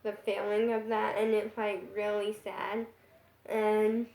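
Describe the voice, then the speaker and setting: A woman's voice: medium pitch, flat delivery, takes it slowly, darkish tone. A young girl telling a rambling personal story in a casual vlog, full of "like" fillers. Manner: rambling, filler-heavy with constant "like". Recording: echoey room.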